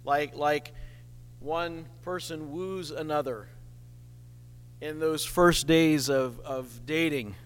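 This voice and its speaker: A man preaching a sermon as pastor, slow and emphatic with dramatic pauses. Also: a little high, steady tone, in a large hall.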